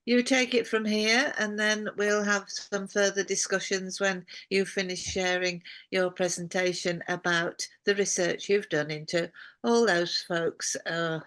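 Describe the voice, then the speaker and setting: A woman's voice: fairly low pitch, fairly even intonation, takes it slowly, fairly bright tone. A woman hosting an online talk over a video call, effusive in praise, with many fillers. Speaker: host.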